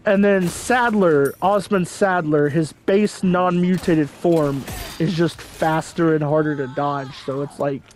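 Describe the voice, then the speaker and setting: Man, fairly high voice, casual game commentary, rambling, hedging. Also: fairly even intonation, slow pace, hardly any pauses, darkish tone. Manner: rambling, hedging, filler-heavy. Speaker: gameplay commentator.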